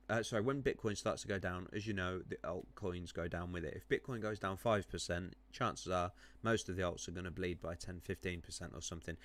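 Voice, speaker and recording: A man running a live stream on crypto charts, chatting with viewers, rambling with many ums and self-corrections while clicking around. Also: low-pitched.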